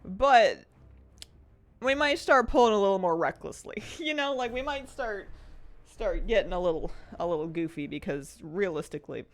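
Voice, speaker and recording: A woman's voice: mid-range voice, animated, moderate pace. A woman streaming from a dim room at home, chatting casually and giggling, sometimes slipping into a baby voice for her pets. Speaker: game streamer. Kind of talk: casual live-stream chat.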